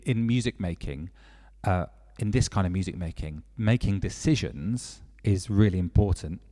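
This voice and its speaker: Low-voiced music workshop leader. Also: male voice, warm tone, in a large hall. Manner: encouraging, explains step by step. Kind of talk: children's music lesson.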